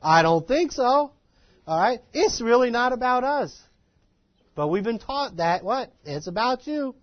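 Animated folksy man lecturing a class. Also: very high-pitched, a little slow, dry recording, highs cut off. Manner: animated, folksy, self-deprecating. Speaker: ministry trainer. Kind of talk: informal lecture to a live class.

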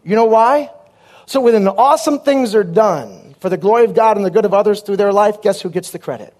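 Guy preaching a funny story sermon, high voice, punchy with lots of asides. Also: brisk, a little mellow.

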